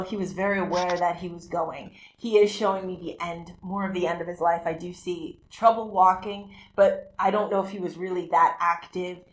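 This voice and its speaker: A woman hosting a talk show, giving a live psychic medium reading in a halting, rambling way with many restarts. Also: fairly low pitch, slight background noise. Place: community TV studio. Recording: roomy, echoey room sound.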